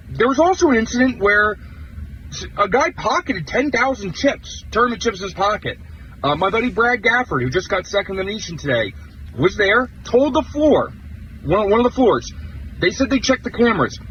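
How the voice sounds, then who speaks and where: A young man telling a heated story of being cheated at a poker table, animated and swearing casually. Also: high voice, moderate pace, highs cut off, slight background noise. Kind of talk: clip of a player recounting a tournament.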